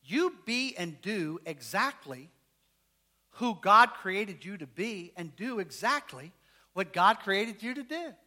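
Animated high-voiced preaching man. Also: slow. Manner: animated, joking, asks the congregation questions. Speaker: pastor. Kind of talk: sermon. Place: church.

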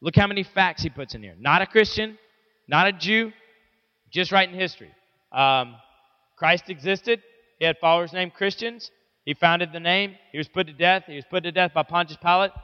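A man's voice: sits high, moderate pace. A man teaching a Bible lesson to teenagers in a casual, joking, conversational way. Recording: echoey hall, dull lo-fi sound.

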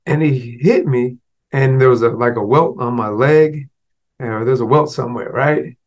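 A man's voice: medium pitch, moderate pace. Casual, conversational male podcast host. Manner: casual and conversational, with many asides like "right?" and "you know". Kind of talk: motivational storytelling.

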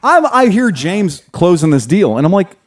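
Animated, profane male storyteller. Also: high-pitched, normal speed, crowd noise. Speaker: motorcycle dealership owner. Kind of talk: casual storytelling chat.

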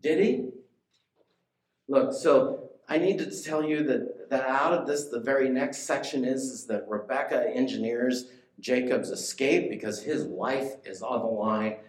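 A man's voice: medium pitch, fairly even intonation, measured pace, reverberant. A man preaching a sermon in a conversational way, often asking his listeners questions.

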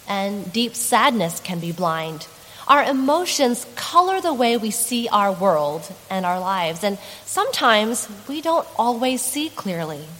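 A woman's voice: mid-range voice, a bit bright, long reverb tail, low-quality recording. A woman pastor delivering a sermon in an earnest, conversational way, adding dramatic emphasis.

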